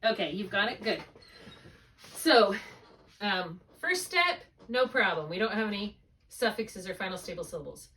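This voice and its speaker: A woman's voice: mid-range voice, expressive, normal speed, fairly bright tone, distant mic, a little hiss or hum. A woman works through a spelling lesson with a single student, talking patiently through each step as she marks up the words. Her voice sits in a middle register and is picked up from a little way off the microphone. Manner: patient, thinking aloud step by step. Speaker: reading tutor.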